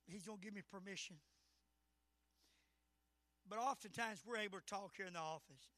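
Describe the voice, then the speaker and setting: A middle-aged man preaching a Pentecostal sermon at a church service, moving between shouted high points and hushed asides. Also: no room sound. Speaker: pastor.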